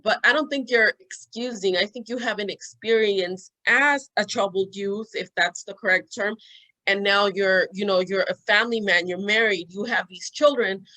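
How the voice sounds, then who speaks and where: A woman's voice: mid-range voice, moderate pace, pushed and bright, poor audio. A woman in a casual interview, giving thoughtful, hedged opinions with frequent ums and restarts.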